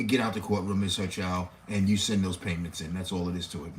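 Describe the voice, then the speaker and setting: A man's voice: low voice, fairly even intonation, a little fast, a little hiss or hum. A man, delivering a profane, preachy rant full of rhetorical questions. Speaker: commentator. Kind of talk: ranting monologue.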